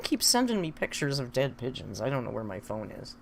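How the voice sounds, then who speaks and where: A woman's voice: extremely low pitch, big pitch swings, brisk, gravelly, few pauses, a little mellow, a little hiss or hum. A woman chatting casually on a live stream, reading viewer comments aloud and laughing often.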